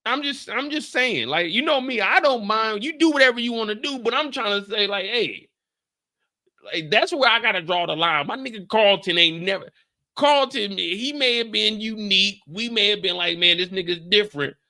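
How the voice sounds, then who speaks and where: A young man from the Bay Area talking through a TV episode with big swings in his pitch and a bright, forceful edge. He's loose and profane, slipping into bits where he acts scenes out. His voice sits high for a man and never stays flat for long. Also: moderate pace. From San Francisco Bay Area. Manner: animated, swearing, acting out scenes. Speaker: show host. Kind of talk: casual TV recap talk.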